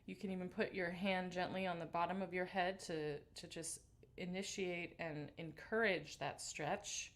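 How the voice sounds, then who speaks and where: Relaxed woman leading a vocal warm-up. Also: lowish voice, a little slow. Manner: relaxed and encouraging, greeting chat viewers by name. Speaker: singing teacher.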